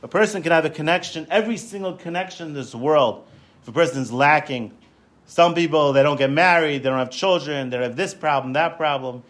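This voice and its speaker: A man giving a Torah lecture, telling stories in an animated way, often repeating words and restarting. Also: on the high side, fairly quick. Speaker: Torah class teacher.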